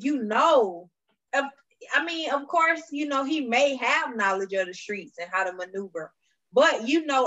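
A woman's voice: high voice, a bit bright, poor audio. A woman on a podcast panel talking bluntly and emphatically, cursing freely as she gives hard advice. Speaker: podcast co-host. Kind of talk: casual podcast chat.

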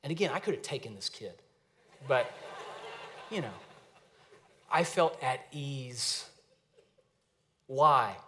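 A man in his thirties preaching a sermon in a conversational, storytelling way with lively asides. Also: medium pitch, takes it slowly, long pauses, slight background noise. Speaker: pastor.

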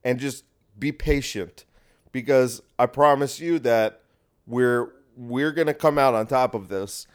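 A podcast host delivers a casual monologue that rambles, turns crude and sarcastic, and keeps restarting itself. His voice sits at a medium pitch, clear and resonant, and he takes his time.

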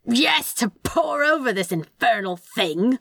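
A woman reading aloud and voicing a dramatic, paranoid male demon who yells indignantly. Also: mid-range voice, animated, measured pace, no room sound. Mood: panicked. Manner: theatrical, indignant yelling.

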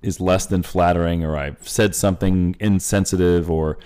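Podcast co-host, man, very low voice, blunt, profane, playful storyteller. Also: steady tone, normal speed, dark tone, clean tone. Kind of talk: casual chat.

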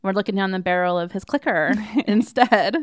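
A woman co-hosting a podcast, chatting casually and telling stories in an animated, giggly way. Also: medium pitch, normal speed, dry recording, studio quality. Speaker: podcast co-host. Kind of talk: casual chat.

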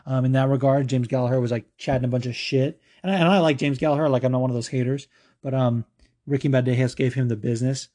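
A man's voice: medium pitch, steady tone, fast talker, warm tone. A man hosting a podcast, casually answering fan questions in a loose, filler-heavy and profane way. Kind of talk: casual chat.

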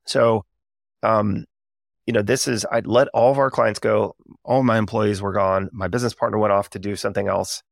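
A man's voice: lowish voice, fairly even intonation, normal speed, creaky, no echo, clean studio sound. A man in his thirties hosting a podcast, telling a candid, reflective story in a casual way with many fillers. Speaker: podcast host.

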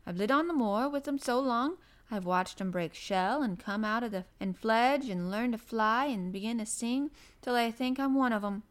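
A friendly young moor boy with a broad lilt, easygoing and unafraid, as a woman reader puts him on. His voice sits fairly high and chatty, warm with country in a storybook reading. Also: moderate pace, few pauses, close to an everyday voice. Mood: cheerful. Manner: broad dialect, cheerful and easygoing.

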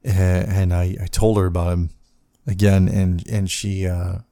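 A man hosting a personal podcast, talking in a halting, reflective way with many restarts. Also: sits low, little pitch movement, warm tone, no echo, studio quality. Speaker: podcast host.

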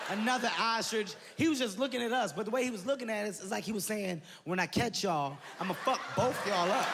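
A man doing stand-up comedy, telling an animated story and acting out voices, laughing as he goes. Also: high-pitched. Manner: excitable, animated, breaks into laughter, acts out voices. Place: large venue with live audience. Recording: live show with loud crowd noise.

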